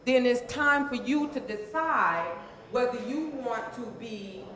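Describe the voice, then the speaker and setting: A woman's voice: a little high, lively intonation, measured pace, fairly bright tone. A woman giving a motivational talk as a transformational coach, emphatic and calling on the audience to answer. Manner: emphatic, call-and-response with audience. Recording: very echoey room.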